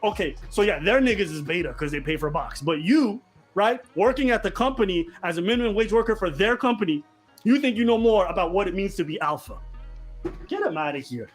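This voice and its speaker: A man's voice: high voice, animated, brisk, soft background music. A man giving blunt, mocking commentary full of crude slang, reacting heatedly to a video.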